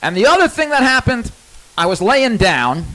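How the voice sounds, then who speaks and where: A man's voice: very high-pitched, sing-song, normal speed, sharp tone, poor audio. A man telling a personal story in a candid, rambling monologue, cursing freely.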